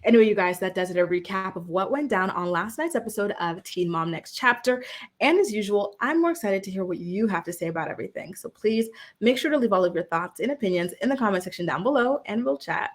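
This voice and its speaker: A woman's voice: medium pitch, animated, quick pace. Chatty opinionated woman vlogger. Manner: chatty, opinionated, many "like" fillers. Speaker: YouTube recap host. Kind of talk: casual reality-TV recap.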